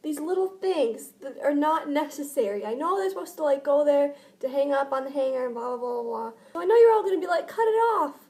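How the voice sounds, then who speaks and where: A woman's voice: high-pitched, expressive, a little fast, few pauses, warm tone. A woman chatting casually in a vlog at home, rambling and filling her talk with "like.". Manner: rambling, chatty, many filler "like"s. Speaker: vlogger. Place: indoors at home, by a window.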